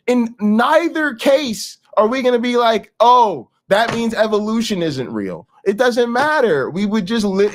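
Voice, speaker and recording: Emphatic, higher-voiced male commentator. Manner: blunt, profane, emphatic. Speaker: host reacting to clips. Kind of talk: casual commentary.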